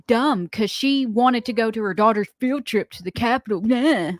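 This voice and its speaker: A talkative woman rambles through a story on a morning radio show and laughs often. Her voice sits a little high. The sound is dry and close, with no room echo. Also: moderate pace. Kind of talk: casual chat. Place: radio studio.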